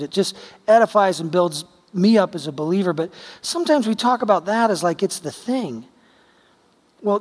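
A man preaches in a conversational, emphatic way, acting out the quotes in his stories. His voice sits high, and it rings with the long reverb of a big church hall. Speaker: pastor. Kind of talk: sermon.

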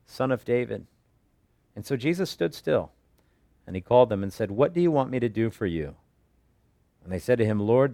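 Male pastor, expository Bible teaching, earnest and animated, mid-range voice, dry close sound. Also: medium pitch, no room sound. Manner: earnest, animated storytelling with acted-out quotes.

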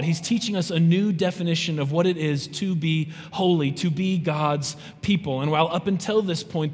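A man preaching a sermon to a church congregation, lively and conversational, often checking in with his listeners. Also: a little high. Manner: lively, conversational, often asks "right?" to the audience. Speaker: pastor. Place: church sanctuary. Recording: long reverb from a large hall.

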